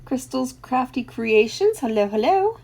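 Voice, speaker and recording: A woman's voice: sits high, sing-song, measured pace, darkish tone. A middle-aged woman hosting a casual craft live stream, greeting viewers by name and laughing often between remarks.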